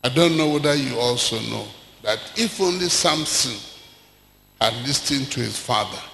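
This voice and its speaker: An older Nigerian man preaching a sermon, telling stories with acted-out dialogue and rising to shouts. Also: mid-range voice, normal speed, creaky. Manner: animated storyteller, acts out dialogue, swings to shouting. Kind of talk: sermon with storytelling. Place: large church hall. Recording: echoey church hall with long reverb.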